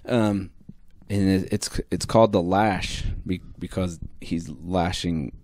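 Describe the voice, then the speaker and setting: A man's voice: low voice, steady tone, slow pace, a little mellow, slight background noise. Rambling man hosting an improv podcast. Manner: rambling with restarts, laughs often. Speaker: podcast host. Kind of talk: improv comedy banter. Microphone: studio microphone.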